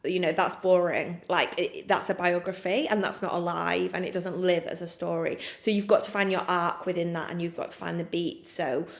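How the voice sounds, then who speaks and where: English woman writer, candid interview, lowish voice, roomy echo. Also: fairly even intonation, moderate pace, vocal fry, hardly any pauses. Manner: chatty, frank, with many fillers and laughs. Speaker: playwright. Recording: echoey room.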